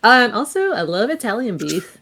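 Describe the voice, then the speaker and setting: A woman's voice: on the high side, sing-song, moderate pace, fairly bright tone. A woman in a casual group podcast chat, talking eagerly about her favorite foods. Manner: chatty, giggly, lists things eagerly. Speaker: podcast co-host.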